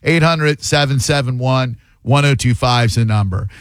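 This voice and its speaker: A man's voice: medium pitch, moderate pace, smooth, no echo. A man hosting a call-in radio talk show, blunt and opinionated, sometimes repeating words when he gets heated. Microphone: studio microphone.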